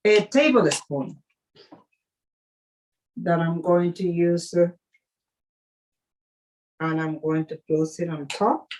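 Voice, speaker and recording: Slow-talking woman chef demonstrating. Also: lowish voice, a little mellow, low-quality recording. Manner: halting, with many fillers and restarts. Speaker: chef leading a cooking workshop. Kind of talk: live cooking demonstration.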